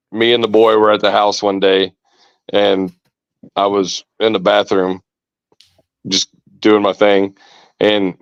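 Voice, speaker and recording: A man's voice: lowish voice, clear, resonant tone, no room sound. A man casually telling a rambling story with mild swearing on a podcast. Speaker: podcast co-host. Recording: dull lo-fi sound.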